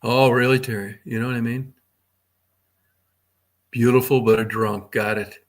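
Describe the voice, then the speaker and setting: A man's voice: mid-range voice, fairly even intonation, unhurried. A middle-aged man hosting a casual livestream, rambling crudely with lots of swearing and talking to chat viewers by name. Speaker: livestream host.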